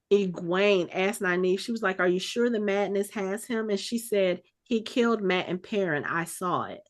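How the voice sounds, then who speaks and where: A woman co-hosting a podcast, casually recapping a TV episode in an animated way and acting out the characters' lines as she goes. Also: medium pitch. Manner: animated, retells scenes with quoted lines. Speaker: podcast co-host. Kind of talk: casual show recap chat.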